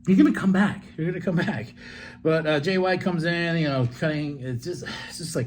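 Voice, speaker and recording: A man hosting a solo podcast, recapping a wrestling show in a loose, excitable way with swearing, asides and laughs. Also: fairly high pitch, fairly quick. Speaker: podcast host.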